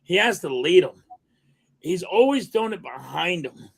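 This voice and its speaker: A man's voice: high-pitched, big pitch swings, normal speed, gravelly, breathy edge. A man talking sports casually as a podcast co-host, often agreeing and building on his partner's points.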